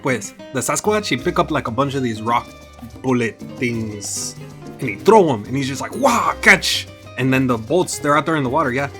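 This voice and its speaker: A man's voice: mid-range voice, expressive, brisk, faint music behind. A man doing a comedic anime episode recap, mixing in Spanish slang and playful put-on voices.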